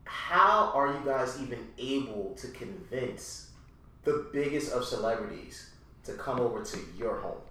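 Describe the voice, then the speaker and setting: A man from New York hosting a podcast and asking his guests questions in a friendly, lively way. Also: medium pitch, unhurried, distant mic. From Westchester, New York. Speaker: podcast host. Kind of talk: casual interview. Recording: very echoey room, off-mic.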